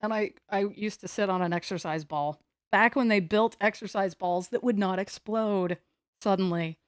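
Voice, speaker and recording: A woman from the United States talks her way through a casual live stream, rambling and poking fun at herself. Her voice sits in an ordinary middle pitch, and the sound is dry and close, with no room around it. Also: moderate pace, clear, resonant tone, dry recording. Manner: rambling, playful, self-mocking. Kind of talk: casual livestream chat. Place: at home, sitting on the floor.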